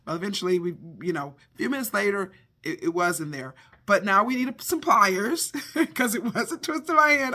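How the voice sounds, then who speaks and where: High, bright-voiced animated middle-aged man. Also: normal speed. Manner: animated, expressive storyteller acting out scenes. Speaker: devotional speaker. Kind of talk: devotional storytelling and scripture talk.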